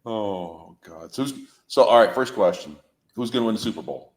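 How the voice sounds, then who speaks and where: A man hosting a casual podcast, with a low voice that swings widely in pitch. He sounds like he is in a roomy, echoing space. He keeps his replies short and easygoing and asks the questions. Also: animated, normal speed. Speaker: podcast host. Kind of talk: casual chat.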